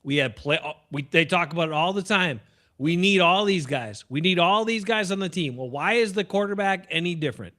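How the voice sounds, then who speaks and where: A man co-hosting a casual sports chat, with a voice pitched a little above average. He presses his points emphatically and laughs easily with his partner. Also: expressive, fairly quick, pushed and bright. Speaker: sports podcast co-host.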